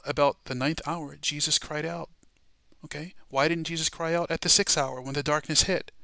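A man teaching a Bible study lesson in a preaching style. He talks emphatically and often checks in with "all right?" and "okay?", moving between quiet asides and loud, stressed words. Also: medium pitch, gravelly, no room sound.

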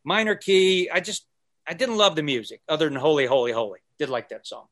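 A man telling stories as a podcast guest, his voice sitting a little high and swinging widely in pitch. He talks casually and animatedly, acting out the people he quotes. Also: brisk. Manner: animated storyteller who acts out quotes and sings snippets. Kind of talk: casual storytelling conversation.

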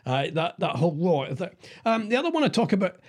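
A man co-hosting a jokey morning radio show, rambling and halting with lots of fillers. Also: high-pitched, big pitch swings, darkish tone. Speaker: radio co-host.

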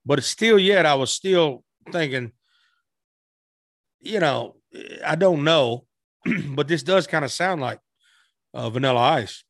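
A man's voice: fairly high pitch, animated, takes it slowly, long pauses, no room sound. Chatty middle-aged man with a dry sound. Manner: rambling, chatty, frequent restarts. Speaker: guest musician. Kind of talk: casual interview storytelling.

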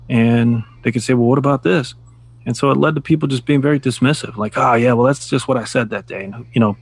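A middle-aged man with a gravelly, somewhat husky voice, chatting on a casual podcast. He tells stories in a reflective, measured way and chuckles at his own jokes. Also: mid-range voice. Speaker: podcast co-host. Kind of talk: casual chat.

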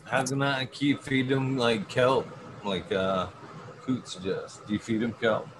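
A man's voice: medium pitch, steady tone, measured pace. A man in a casual podcast chat, joking, swearing casually and quizzing his friend. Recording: faint background noise.

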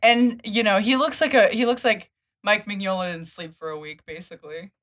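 Speaking briskly in a mid-range voice, this woman hosts a podcast and offers a lively, casual recap of a comic story. She performs the characters' lines herself, laughing along the way.

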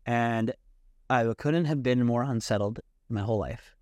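Animated, profane male storyteller, dry sound. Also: medium pitch, moderate pace, dry recording. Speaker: podcast guest. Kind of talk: casual storytelling.

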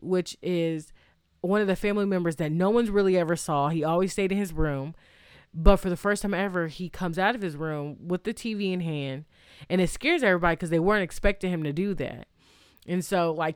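A woman's voice: lowish voice, clear, resonant tone, no echo, studio quality. A woman casually retelling a movie's plot, rambling with fillers and restarts and reacting aloud to what happens. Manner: chatty, reacts aloud to the story. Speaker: movie recap vlogger.

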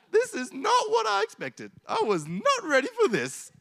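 A man putting on a squeaky falsetto for a panicked person desperate to end a relationship. The voice sits far above his own and sounds exasperated and breathless. It comes across as a comic exaggeration, as a preacher plays the part. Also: huge pitch swings, slow pace, vocal fry, a bit bright, full character voice.

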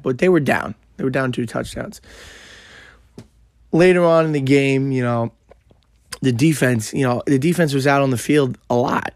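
A man with a gravelly, worn voice tells a football story in a casual, excitable way, swearing and filling gaps with "you know." His pitch sits in the middle, and the sound is dry and close. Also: no echo. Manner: excited, swears often, many fillers. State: voice worn out from shouting. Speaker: podcast host.

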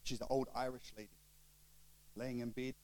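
A middle-aged man, preaching a storytelling sermon and acting out the dialogue with lively shifts of voice. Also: medium pitch, normal speed, poor audio. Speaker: pastor.

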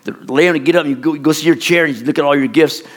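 A middle-aged man preaching a sermon as a pastor, telling a folksy, rambling childhood story in an animated way. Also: fairly high pitch, rapid-fire.

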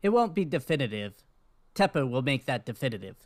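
A man's voice: mid-range voice, sing-song, a little fast. A man co-hosting a casual sports podcast, talking in a put-on mock British accent. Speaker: podcast co-host.

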